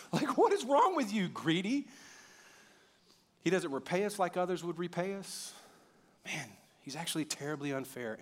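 A man preaching a sermon as pastor, animated and conversational, swinging from loud bursts to quiet emphasis and joking with the congregation. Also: a little high.

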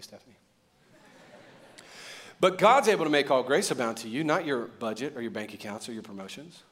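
A man preaching a sermon as pastor, talking in a conversational way with joking asides and building to emphatic points. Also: medium pitch.

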